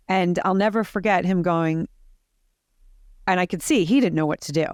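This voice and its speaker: Brief: middle-aged woman guest, animated storyteller, filler-heavy, dry close sound. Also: lowish voice, fairly quick, no room sound. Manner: animated, lots of "like" fillers and restarts. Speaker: podcast guest. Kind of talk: personal storytelling in conversation.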